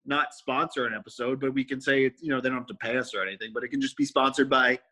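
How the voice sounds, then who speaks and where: A man's voice: medium pitch, steady tone, fast talker, bright, forceful tone, poor audio. A man co-hosting a podcast, chatting casually in a rambling way and laughing often. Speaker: podcast co-host. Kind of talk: casual chat.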